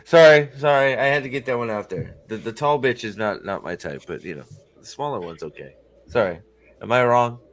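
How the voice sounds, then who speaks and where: A man hosting a casual fan chat, excitable and crude, quick to laugh. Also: mid-range voice. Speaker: host.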